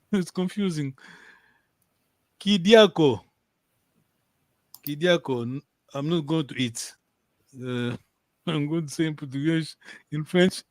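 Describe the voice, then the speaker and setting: A man's voice: on the high side, takes it slowly, long pauses, darkish tone, dry recording. A man teaching a language lesson over a video call, patiently repeating and checking that his students follow.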